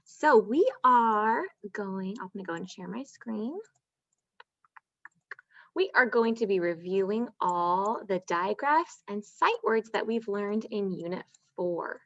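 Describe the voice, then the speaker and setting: A woman teaching an online first-grade phonics lesson, stretching out letter sounds slowly and praising in a sing-song way. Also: medium pitch, lively intonation. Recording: dull, dry lo-fi sound.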